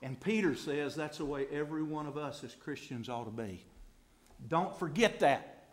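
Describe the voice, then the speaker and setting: At a normal speed, a preacher with a voice on the high side addresses the congregation directly. His sermon is folksy and fervent, moving between quiet asides and booming high points.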